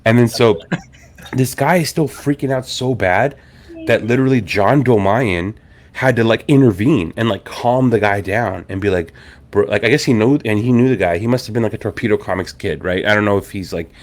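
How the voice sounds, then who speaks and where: A young adult man hosting a podcast, telling a story in a casual, animated way, swearing and acting out the people in it. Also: fairly low pitch, normal speed. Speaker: podcast host.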